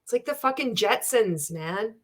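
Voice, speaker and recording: A woman's voice: fairly high pitch, animated, normal speed. A woman giving a sarcastic, profane reaction rant as a video commentator, blunt and scornful.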